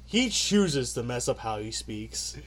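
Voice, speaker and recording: A young man co-hosting a podcast, ranting and joking in animated casual chat. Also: medium pitch. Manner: animated, quick joking rants. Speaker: podcast co-host.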